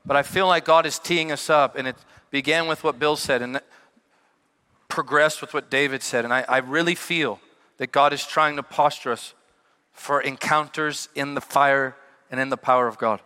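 A middle-aged male pastor preaching a sermon, telling stories with sudden shouted peaks and quieter asides. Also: mid-range voice, normal speed, smooth. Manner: animated storytelling with shouted peaks and dropped asides. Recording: long hall reverb.

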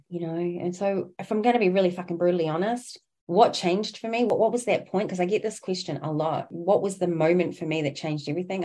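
A woman's voice: low-pitched, mellow. A woman, hosting a podcast in an earnest, emphatic motivational monologue that swears freely and calls the listener Mama. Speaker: podcast host.

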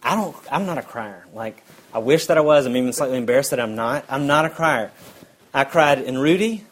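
A man, preaching a sermon in a conversational way that drops to a quiet intensity. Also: medium pitch, expressive, brisk, rough recording. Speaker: pastor.

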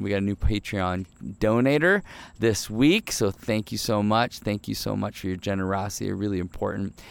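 A middle-aged man hosting a devotional podcast, talking in a relaxed, earnest way and telling stories with many fillers. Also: lowish voice, gravelly, clear, resonant tone, no room sound. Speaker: podcast host.

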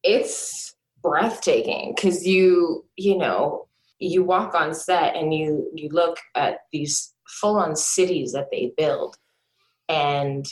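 A woman actor being interviewed in casual chat, animated and laughing often, trailing off and restarting as she talks. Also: sits low. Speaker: actor guest. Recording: roomy echo.

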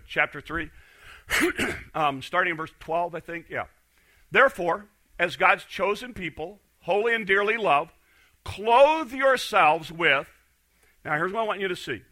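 A middle-aged man preaching with a very bright, forceful voice pitched a little high. He swings from loud emphasis down to quiet intensity and often restarts his words. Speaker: pastor. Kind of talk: sermon.

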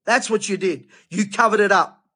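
Indignant Australian man, husky and high. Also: moderate pace, pushed and bright. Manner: indignant, ranting, emphatic. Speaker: preacher. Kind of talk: impassioned monologue.

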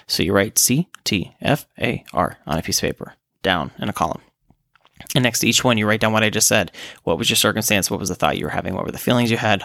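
Male podcast host, low gravelly voice, chatty explainer, dry close mic. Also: fairly bright tone, no room sound. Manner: conversational, explains step by step with "right?" check-ins. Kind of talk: solo podcast talk.

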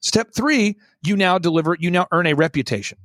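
A man with a high voice that swings widely up and down tells a story as a show guest. He talks in an emphatic, theatrical way and hammers points home with repetition. The sound is close and dry. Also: expressive, fairly quick, fairly bright tone, no echo. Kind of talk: animated storytelling on a talk show.

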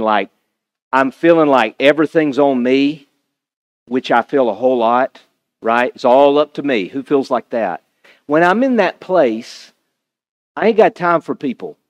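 An animated male preacher with a high voice gives a sermon in a conversational style, tossing asides to the congregation.

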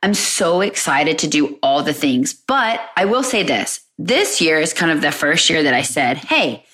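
Chatty mom vlogger in her 30s, lowish voice, rambling and lively, jumps way up when she's acting stuff out. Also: a little slow. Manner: animated storytelling with pitch jumps and quoted voices. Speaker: vlogger, stay-at-home mom. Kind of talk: casual chatty vlog.

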